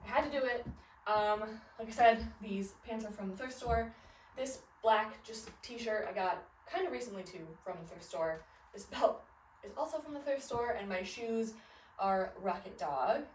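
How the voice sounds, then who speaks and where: A woman's voice: on the high side, normal speed, slight background noise. A woman in her thirties from the Midwest, chatting casually and rambling about outfits from her closet. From American Midwest. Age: 30s. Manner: chatty, rambling, many fillers and laughs. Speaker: fashion vlogger. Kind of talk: casual chat. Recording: roomy, a little distant from the mic.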